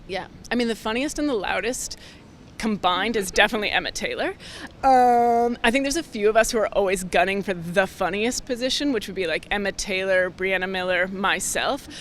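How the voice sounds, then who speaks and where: A woman's voice: mid-range voice, lively intonation, fairly quick, slight background noise. A young woman, a rugby player chatting casually in an interview, upbeat and full of "like" fillers. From Canada.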